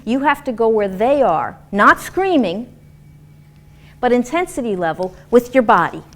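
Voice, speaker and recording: A woman lecturing a class on dance and movement therapy in an animated, demonstrative way, acting out example voices. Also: fairly high pitch, measured pace.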